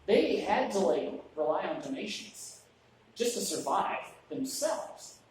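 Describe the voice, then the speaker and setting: A man's voice: high voice, sing-song, slow, a little hiss or hum. A man giving a conversational sermon in a church, chatty, with joking asides and restarts. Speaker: preacher. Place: church sanctuary. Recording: very echoey church room, mic at a distance.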